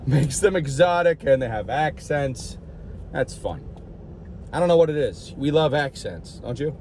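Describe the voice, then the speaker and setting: A man's voice: medium pitch, expressive, a little slow, darkish tone, a little hiss or hum. A man vlogging in a rambling, jokey way, outdoors by a street. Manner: rambling, jokey, puts on silly voices. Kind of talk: rambling casual vlog.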